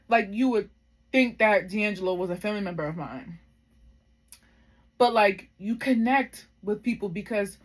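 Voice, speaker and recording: Heartfelt woman rambling through a personal story. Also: mid-range voice. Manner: heartfelt, reflective, rambling with many fillers. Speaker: vlogger.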